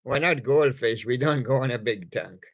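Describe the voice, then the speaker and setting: A man voicing a talking male bass fish toy, speaking in a plain, matter-of-fact way on a dull, lo-fi recording. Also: normal speed, natural voice.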